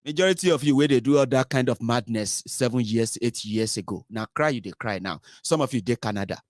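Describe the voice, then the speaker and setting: A Nigerian man hosts his own political commentary show, talking in a mocking, animated monologue. He moves freely between English, Pidgin and Yoruba. His mid-pitched voice sits close and dry, with no room sound. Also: fairly quick, no room sound.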